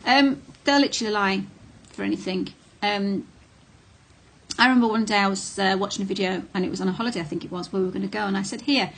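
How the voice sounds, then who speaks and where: A woman's voice: mid-range voice, fast. A middle-aged woman talking casually to camera, blunt and candid, with frequent ums and restarts. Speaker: vlogger on narcissistic abuse.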